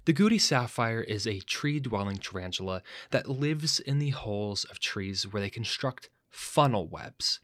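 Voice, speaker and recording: A man's voice: on the low side, animated, unhurried, few pauses, fairly bright tone, no echo. A man hosting an educational podcast, talking in an enthusiastic, chatty way and often stopping to correct himself. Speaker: podcast host. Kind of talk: casual educational narration.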